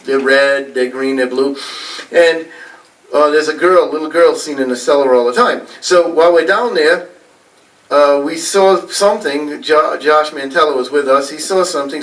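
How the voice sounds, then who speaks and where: A man's voice: on the high side, fairly bright tone. A man with a New England accent giving a casual, rambling storytelling talk to a library audience, with many fillers. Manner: rambling, chatty, with frequent fillers and laughs. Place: library meeting room. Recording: voice a little far from the mic.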